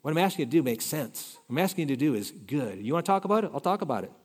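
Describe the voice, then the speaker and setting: A male pastor preaching a conversational sermon, shifting between loud emphasis and soft asides. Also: fairly high pitch, big pitch swings, rapid-fire, husky. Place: church sanctuary. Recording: reverberant hall.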